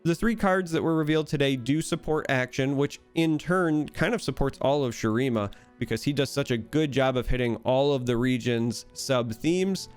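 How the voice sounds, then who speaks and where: A man's voice: fairly high pitch, clear, resonant tone. A man with a Midwestern American accent, talking enthusiastically and analytically in casual solo commentary about a card game. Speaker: card game content creator.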